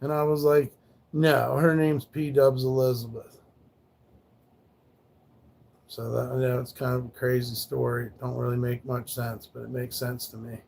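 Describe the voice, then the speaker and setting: A man's voice: medium pitch, completely flat delivery, moderate pace, gravelly, a little mellow. A man livestreaming, rambling and swearing as he talks about his late dog, grieving and sometimes thanking chat. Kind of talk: casual livestream talk.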